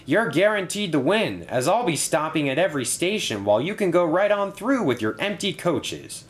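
Male narrator voicing a smug bus, high and teasing. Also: big pitch swings, moderate pace. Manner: chuckling, teasing.

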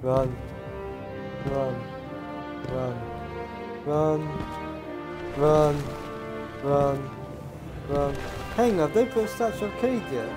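A man's voice: on the high side, very slow, pauses often, over loud music. A young man casually commenting on his gameplay as a gaming YouTuber, chatty and swearing now and then. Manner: chatty, swears, jokey asides.

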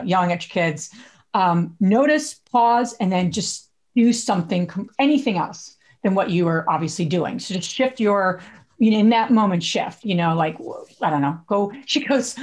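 A middle-aged woman co-hosting a podcast, chatting casually and telling stories with animated asides and frequent laughs. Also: on the low side, fairly quick. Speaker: podcast co-host.

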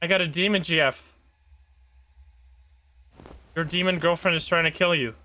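A man streaming a horror game live, reacting jumpily with excitable, swearing commentary. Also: a little high, normal speed.

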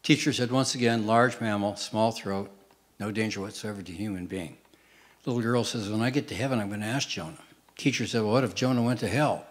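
An older man doing stand-up on stage, telling quick deadpan one-liners to a live audience. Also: on the low side. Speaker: stand-up comedian. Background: audience laughter.

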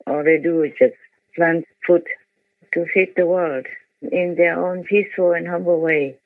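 A woman's voice: lowish voice, fairly even intonation, a little slow, no echo. An older woman and spiritual teacher speaking to her team on a conference call by phone. She talks with strong feeling and repeats words for emphasis. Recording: tinny phone line.

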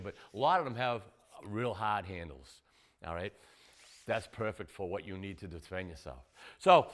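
A man teaching self-defense moves in a casual, rambling way, often checking in with "all right?" as he demonstrates. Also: a bit bright. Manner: loose, repetitive, says "all right?" and "boom" often. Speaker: martial arts instructor. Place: indoor studio.

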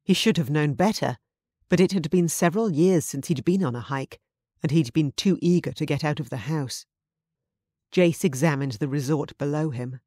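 A woman audiobook narrator reading a contemporary romance in an even, measured scripted narration. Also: low-pitched, no echo, clean studio sound.

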